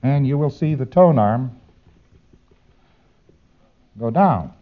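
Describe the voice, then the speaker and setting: A man's voice: mid-range voice, animated, takes it slowly. Man lecturing on a dull lo-fi recording. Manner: demonstrative, acts out quoted exchanges with playful repetition.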